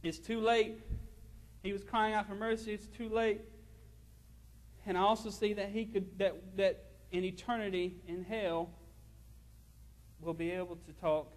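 A man's voice: high voice, fairly even intonation, a little slow, pauses often. A male pastor preaching a fervent sermon in a church, repeating his phrases and reading scripture aloud. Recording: long hall reverb.

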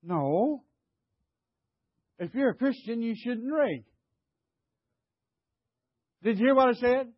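A man's voice: extremely high pitch, animated, takes it slowly, pauses often, breathy edge, no echo, lo-fi sound. An older man preaching a sermon, emphatic, stammering and repeating himself as he questions the congregation. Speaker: pastor.

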